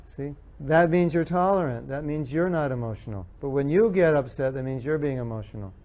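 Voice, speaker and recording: A man's voice: fairly high pitch, a little fast, darkish tone. A man giving an earnest lecture on marriage to an audience, repeating his key points and acting out what spouses say. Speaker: speaker giving a talk on marriage. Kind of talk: spiritual lecture with audience questions.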